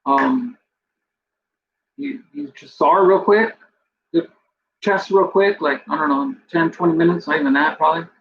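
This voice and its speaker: A man with a raised, gravelly voice tells a personal story as a podcast host, rambling and leaning on fillers while fighting back tears. The recording is dull and lo-fi, with faint noise underneath. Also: a little high, lively intonation, moderate pace, long pauses. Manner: rambling, full of "you know" and "like"; emotional, near tears.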